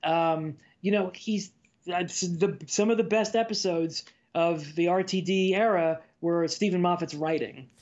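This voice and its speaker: A man with a notably high voice talks casually as a podcast guest. He gives opinions and reels off examples, and his audio comes through dull and lo-fi. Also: fairly even intonation, measured pace, a little mellow. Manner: opinionated, listing examples in a chatty way. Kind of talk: casual chat.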